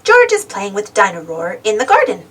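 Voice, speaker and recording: A woman reading a children's picture book aloud in a slow, clear, expressive storytelling manner. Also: mid-range voice, recorded from a distance. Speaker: storybook reader.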